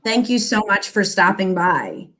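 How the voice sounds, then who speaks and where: A woman's voice: medium pitch, sing-song, a little slow, bright, forceful tone, low-quality recording. A woman in her forties hosting a casual live-stream chat over a video call, earnest and reading viewer comments aloud. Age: 40s. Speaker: live show host.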